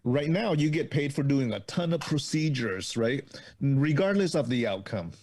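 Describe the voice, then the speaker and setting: A male doctor speaking in a measured way, often repeating words and adding "right?". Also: medium pitch, expressive, a little mellow. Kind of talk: casual chat.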